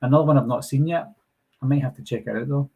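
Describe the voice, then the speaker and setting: Scottish guy from glasgow doing a live q&a, husky voice, chatty, reads out chat comments. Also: medium pitch, fast, darkish tone, low-quality recording. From Scotland. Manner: chatty, reads out viewer comments, apologetic asides. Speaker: channel host answering live chat. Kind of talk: casual live Q&A.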